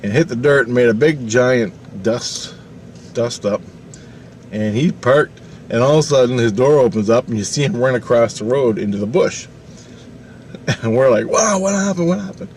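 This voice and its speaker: A man telling a long, rambling story in a casual, animated way, swearing freely. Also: medium pitch, normal speed, long pauses, slight background noise. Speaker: vlogger.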